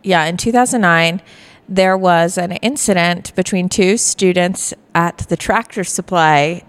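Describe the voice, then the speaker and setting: A woman's voice: on the low side, measured pace, smooth. A young adult woman comedian from Virginia, telling stories in a dry, self-deprecating way during a casual bar podcast chat. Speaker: guest comedian.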